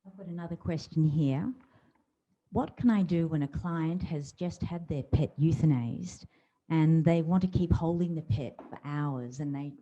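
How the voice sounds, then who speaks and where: A woman moderator with a very low, husky voice reads out audience questions plainly. Her tone is very dark and mellow. The audio is dull and lo-fi. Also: unhurried.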